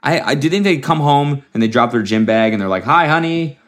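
A man's voice: medium pitch, expressive, brisk. A young man hosting a solo comedy podcast, rambling and swearing freely, often restarting his sentences. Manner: rambling and profane, with frequent restarts. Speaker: podcast host.

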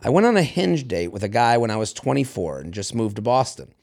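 A man's voice: mid-range voice, sing-song, a little fast, creaky, a little mellow. A man co-hosting a podcast, reading a listener's story aloud in casual chat, playful and laughing often. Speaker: podcast co-host.

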